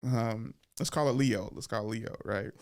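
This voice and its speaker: A man's voice: mid-range voice, normal speed, a little mellow, smooth. A man, a stand-up comic hosting his show, telling childhood stories in slangy casual talk, laughing often and acting out voices. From San Francisco Bay Area. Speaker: stand-up comic and podcast host.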